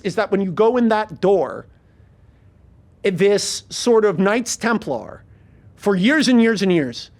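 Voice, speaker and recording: Animated high-voiced man pitching a movie. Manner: rapid, animated, swears freely. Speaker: podcast host, screenwriter. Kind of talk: casual chat, pitching a movie.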